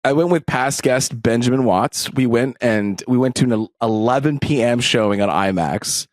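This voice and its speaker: Relaxed rambling man, podcast co-host. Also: medium pitch, moderate pace, no room sound, studio quality. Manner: relaxed, rambling, many fillers. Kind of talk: casual chat.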